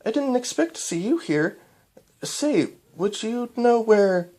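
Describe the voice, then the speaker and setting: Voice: medium pitch, lively intonation, slow, darkish tone, voice pushed up. A reader voicing a tender young-adult pony princess in a storybook reading. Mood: surprised.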